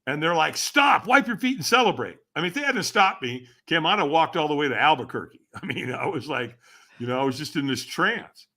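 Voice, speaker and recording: A man as a podcast guest, telling a personal story in an animated way, acting out other people's voices and asking the listener rhetorical questions. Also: a little high, a little fast. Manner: animated, acts out quoted voices with sudden shouts.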